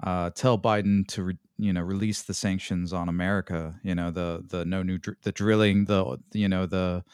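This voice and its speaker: A man co-hosting a podcast in casual chat, halting and searching for words, with dry jokes. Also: deep voice, little pitch movement, a little mellow, clear, resonant tone, dry recording. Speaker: podcast co-host.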